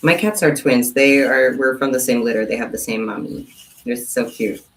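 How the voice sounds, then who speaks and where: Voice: medium pitch, moderate pace. A young adult craft vlogger chatting casually at home and cooing in baby talk to pet cats. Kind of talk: casual chat while crafting. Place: home room. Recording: roomy sound from a distant mic.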